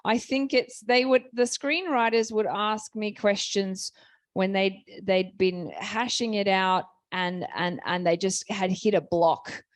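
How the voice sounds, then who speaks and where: A woman's voice: medium pitch, steady tone, takes it slowly, no room sound. A woman author speaking on a festival panel, telling stories in a chatty way with many restarts.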